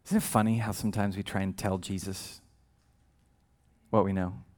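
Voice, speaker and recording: A man's voice: sits low, fairly even intonation, moderate pace, darkish tone. A male pastor preaching a sermon in a conversational, humorous way, with frequent asides.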